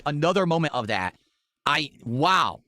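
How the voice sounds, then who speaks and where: A man's voice: on the high side, sing-song, unhurried, bright, forceful tone, no echo. A man streaming live, reacting to clips at a desk microphone with incredulous, exasperated outbursts. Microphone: desk condenser mic.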